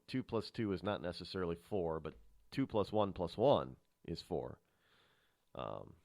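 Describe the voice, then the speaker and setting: A man hosting a talk radio show, rambling sarcastically with many restarts. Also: medium pitch. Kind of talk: casual talk radio monologue.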